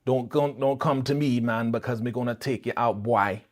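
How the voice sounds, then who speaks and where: A man doing a comic impression of a defiant, jailed male uncle with a put-on Jamaican accent, low and growling. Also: moderate pace, natural voice. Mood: threatening. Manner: growling, threatening, mocking impression. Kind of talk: comic impression in a reaction stream.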